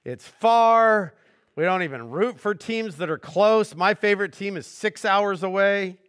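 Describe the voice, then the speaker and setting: A middle-aged man preaching a conversational sermon as pastor, joking and swinging between hushed earnest points and animated asides. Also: high voice, measured pace, clean tone.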